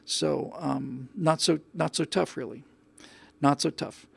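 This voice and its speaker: Gravelly, forceful male commentator. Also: a little high, slow pace. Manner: forceful, sarcastic, opinionated. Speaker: podcast host. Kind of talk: opinion commentary monologue.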